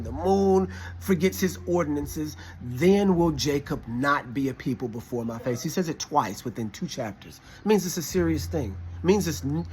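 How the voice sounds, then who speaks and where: A man's voice: mid-range voice, slight background noise. A man telling a personal story in a casual way, emphatic, often acting out what people said. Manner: animated, emphatic, quotes others in conversation. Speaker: storyteller recounting a classroom experience.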